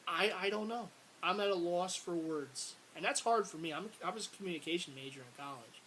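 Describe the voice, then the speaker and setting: Guy venting about his team on camera, kinda high voice, repeats himself a lot, bit of hiss. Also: brisk, hardly any pauses, rough recording. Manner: frustrated, rambling, repeats words, bursts of exasperated shouting. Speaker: sports fan vlogger. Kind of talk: casual sports rant to camera. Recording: faint hiss.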